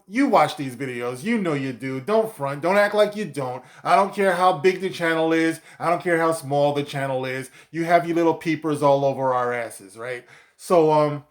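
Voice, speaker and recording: Profane ranting man. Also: fairly high pitch. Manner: many fillers like "you know". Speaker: video commentator. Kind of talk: ranting commentary vlog.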